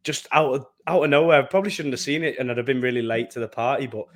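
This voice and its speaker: A man's voice: mid-range voice, fairly even intonation, racing, a bit bright. A young man co-hosting a podcast, rambling through his thoughts and laughing often at himself. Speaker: podcast co-host. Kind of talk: casual chat.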